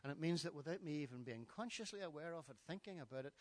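A man in his sixties with a Northern Irish accent, preaching a sermon and moving between hushed storytelling and loud, emphatic preaching. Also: a little high, animated, quick pace, hardly any pauses, dry recording. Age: 60s.

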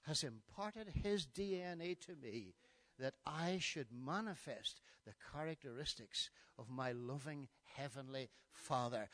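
High, bright-voiced Northern Irish preacher in his sixties. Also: lively intonation, normal speed, no room sound. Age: 60s. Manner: swings between hushed storytelling and loud emphatic preaching. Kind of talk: sermon.

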